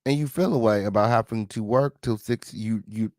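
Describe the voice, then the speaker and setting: Reacting to news as a live host, this man has a fairly low, slightly mellow voice at a normal speed, captured in a dry, clean studio recording. His delivery is sassy and talkative, aimed directly at viewers, with recurring catchphrases and theatrical mock-drama.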